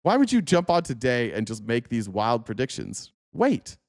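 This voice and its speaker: A man hosts a casual political livestream, reacting to clips with animated, sarcastic commentary and frequent swearing. His voice sits at a middle pitch. The sound is dry and close, with little room echo. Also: normal speed.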